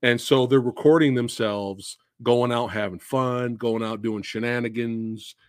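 A man's voice: mid-range voice, fairly even intonation, a little slow. A man hosting a podcast, chatting casually about movies and ranting with exasperation and profanity. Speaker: podcast host.

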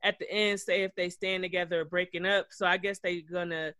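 A man co-hosting a podcast, recapping reality TV in an animated, gossipy way with plenty of cursing. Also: high-pitched, brisk, no echo, clean studio sound. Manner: animated, gossipy, profane storytelling. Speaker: podcast co-host. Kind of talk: casual reality-TV recap chat.

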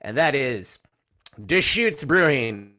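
A man's voice: medium pitch, big pitch swings, slow pace, sharp tone. A man co-hosting a sports podcast, joking around, laughing often and swearing freely. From United States. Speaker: podcast co-host. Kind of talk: casual sports podcast banter.

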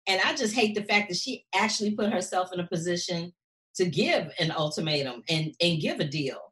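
A woman co-hosting a casual recap chat, talking in an animated way and acting out characters' lines. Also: fairly low pitch, fairly quick. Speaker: show co-host.

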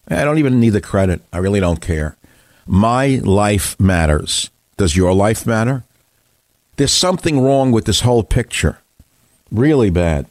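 A man's voice: lowish voice, lively intonation, unhurried, a little mellow, no echo. A man hosting a talk radio show, delivering a combative, scornful political monologue with heavy emphasis. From United States.

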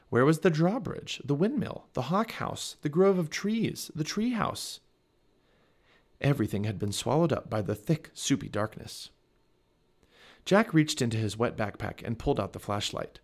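Man reading a storybook with lively pitch. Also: normal speed. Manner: expressive storytelling. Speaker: family podcast reader. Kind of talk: reading a children's chapter book aloud.

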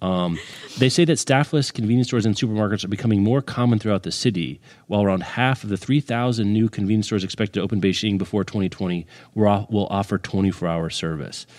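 A man co-hosting a podcast in casual chat, joking and rambling with quick restarts. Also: fairly low pitch, a little mellow. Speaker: podcast co-host.

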